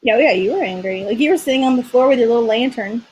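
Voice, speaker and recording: A woman's voice: fairly high pitch, lively intonation, fast talker, darkish tone, slightly rough. A woman co-hosting a podcast in casual chat, insistent and often talking over her co-host.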